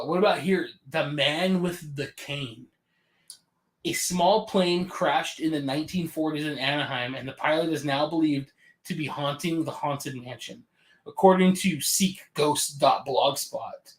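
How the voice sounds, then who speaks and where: Male co-host, higher voice, joking and reading chat, echoey room. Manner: joking, reads out viewer comments. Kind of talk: casual livestream chat. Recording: roomy echo.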